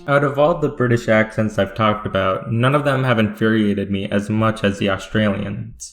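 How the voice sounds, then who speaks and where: A man doing deadpan, mock-serious scripted satirical narration as a comedic history YouTuber. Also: lowish voice. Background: faint guitar music.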